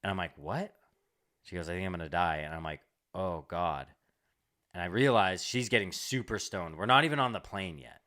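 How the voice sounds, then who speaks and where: A man's voice: deep voice, lively intonation, moderate pace, pushed and bright. A young man co-hosting a comedy podcast, telling a long story in casual chat, rambling with lots of "like" and swearing.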